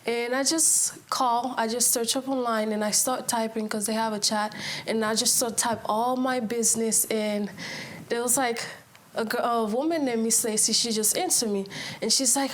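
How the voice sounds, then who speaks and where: A woman's voice: fairly high pitch, steady tone, a little fast, slight background noise. A teenage girl telling her own story as a guest, chatty and full of likes and ums. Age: teens. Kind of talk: casual personal story.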